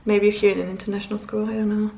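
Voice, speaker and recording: A woman's voice: mid-range voice, level tone, rapid-fire, dull audio, slight background noise. A young woman from Luxembourg, chatting casually to camera and rambling with self-corrections. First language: German. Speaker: vlogger. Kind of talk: casual chat. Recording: echoey room.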